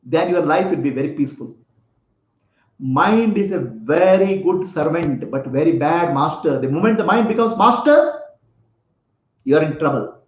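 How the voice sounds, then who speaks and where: A man's voice: on the high side, expressive, normal speed. A man giving a spiritual talk, telling a parable, asking his listeners questions and often laughing. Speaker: spiritual teacher. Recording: echoey room, slightly dull lo-fi sound.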